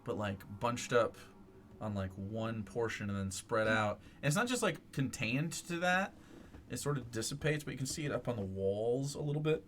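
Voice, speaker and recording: A man's voice: medium pitch, lively intonation, normal speed, fairly bright tone. A man runs a tabletop game, his voice rising and falling as he talks. He rambles through the scene with plenty of fillers. A faint hiss sits under him. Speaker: game master.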